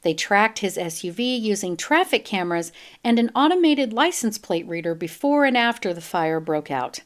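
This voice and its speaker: A woman hosting a true crime podcast, reading news reports aloud and breaking into blunt, profane rants. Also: medium pitch. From United States. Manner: blunt, swears freely, animated when ranting. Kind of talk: reading news with ranting asides.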